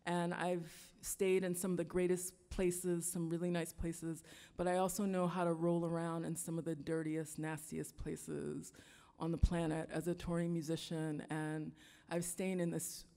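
A woman's voice: on the low side, flat delivery, dark tone. Earnest woman telling a story in a hall. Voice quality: reflective, earnest, halting with fillers. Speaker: musician and storyteller. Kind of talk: live storytelling talk. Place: stage in a large hall before an audience. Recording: long hall reverb, live venue.

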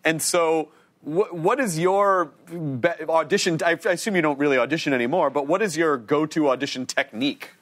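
A man hosting a TV talk show, reading viewer questions and teasing his guest with fast jokes. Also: fairly high pitch, a bit bright. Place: TV studio with audience.

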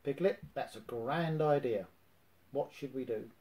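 A man reading a storybook, voicing a gentle, simple male bear who speaks slowly and softly. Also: mid-range voice, natural voice. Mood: musing. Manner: slow, soft, musing.

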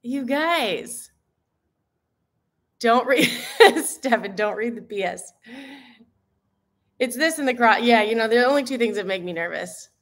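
A woman's voice: a little high, animated, a little slow, pauses often. A woman fitness coach chatting live with her viewers, bubbly and giggly, gushing often. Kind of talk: live stream chat with viewers.

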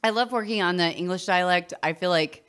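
A woman's voice: on the low side, fairly quick, a bit bright. A woman with a Southern US accent, talking as a guest in a casual interview, chatty and full of laughs and restarts. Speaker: actor, guest.

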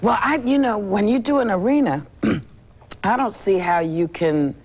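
A woman hosting a talk show, chatty and quick to agree as she interviews a guest. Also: mid-range voice, darkish tone, husky. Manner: chatty, frequent brief agreements. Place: television studio.

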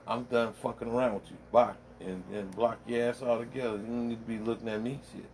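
A man's voice: medium pitch, steady tone, fairly quick, a little mellow, slight background noise. A middle-aged man rambling bluntly in a casual monologue, full of profanity, recorded at home in his man cave. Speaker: vlogger.

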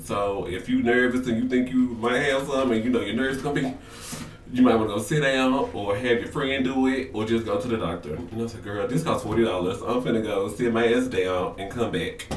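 A man's voice: medium pitch, brisk, slight background noise. A man in his twenties vlogging from a home bathroom, chatty and nervous, with a sassy way of talking. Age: 20s. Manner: nervous, chatty, sassy, says "girl" often. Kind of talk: casual vlog talk. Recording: roomy echo, slightly distant.

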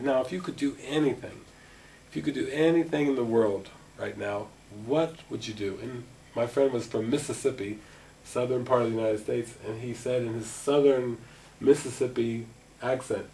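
A middle-aged spiritual teacher gives a talk to a gathering in a meeting room, animatedly telling stories and acting out conversations. His mid-range voice has some vocal fry and a moderate pace. A distant mic picks him up along with faint noise.

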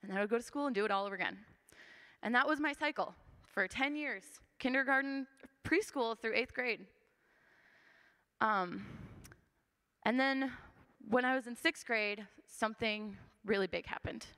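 A woman's voice: a little high, moderate pace, bright, forceful tone, clean tone. Young woman giving an earnest church testimony. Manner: earnest and conversational, with frequent fillers. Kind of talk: personal testimony storytelling. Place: church sanctuary. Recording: long church hall reverb.

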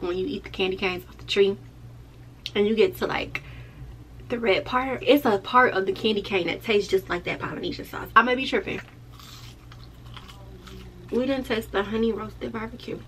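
A woman's voice: medium pitch, normal speed, a bit bright, a little hiss or hum. A woman who works as a lash tech, chatting casually and playfully straight to her viewers in a vlog.

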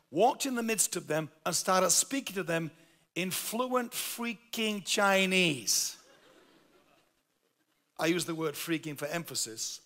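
A Yorkshire man delivers a sermon in a high, gravelly voice. His tone is bright and forceful, and he leans hard on key words as he tells a humorous story. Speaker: pastor.

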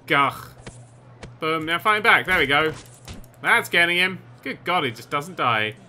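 A man commentating over a video game he is playing, excitable and sarcastic, swearing often. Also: on the high side, normal speed, faint music behind. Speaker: gaming commentator. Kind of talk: let's play commentary.

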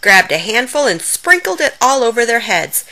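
Woman storyteller for a children's read-aloud; bright, lively, expressive. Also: a little high, normal speed, rough recording. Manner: expressive, animated reading.

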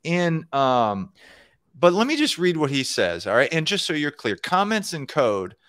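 A man's voice: a little high, big pitch swings, measured pace, a bit bright, no room sound. Rambling man on a dry mic. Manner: rambling, many fillers and restarts. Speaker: co-host of a live electronics programming show. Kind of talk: casual live-stream chat.

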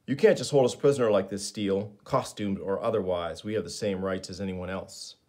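A man's voice: sits low, steady tone, normal speed, darkish tone, natural voice. A man voicing a defiant, earnest young male hero in a comic read-aloud. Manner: protesting and earnest.

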